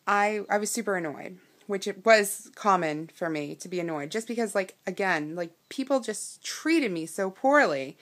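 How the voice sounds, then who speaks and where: A young woman vlogger recounting a personal story, halting and emotional, with many ums and restarts. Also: lowish voice, a bit bright.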